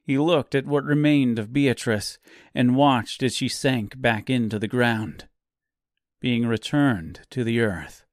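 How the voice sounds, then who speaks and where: A male narrator reading a dark fantasy audiobook at a slow, deliberate pace, with a measured, grim delivery. His voice sits at an ordinary middle pitch, and the recording is dry with no room echo.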